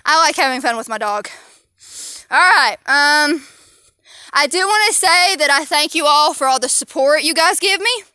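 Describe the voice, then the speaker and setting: A woman's voice: high-pitched, expressive, normal speed, bright, forceful tone, no echo, clean studio sound. A young woman, vlogging in a rambling, chatty way into her phone while walking outdoors with her dog. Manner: rambling, chatty, easily distracted. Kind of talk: casual chat. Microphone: handheld phone.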